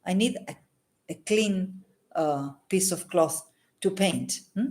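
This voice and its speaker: Earnest low-voiced woman healer. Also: slow pace, darkish tone. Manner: earnest, repeats phrases for emphasis, adds a questioning "hmm?". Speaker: holistic healer and psychic. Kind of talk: unscripted advice monologue to camera.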